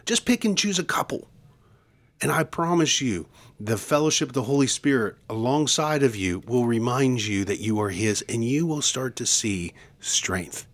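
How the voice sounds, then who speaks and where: A man co-hosting a devotional podcast, teaching in an earnest, preacherly way and slowing down for emphasis. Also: mid-range voice, animated. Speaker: podcast co-host.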